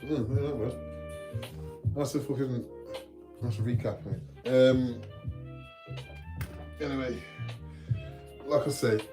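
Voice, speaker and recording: Over background music, the livestream host speaks slowly and pauses often, addressing viewers in slang laced with swearing. His voice has a medium pitch and fairly even intonation.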